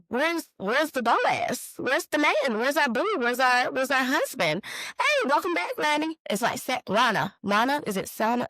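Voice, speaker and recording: A woman's voice: mid-range voice, no echo, rough recording. Chatty late-thirties woman, dry close sound. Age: 30s. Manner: chatty, loses her train of thought, greets viewers mid-sentence. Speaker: podcast host. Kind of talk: casual solo live-stream chat.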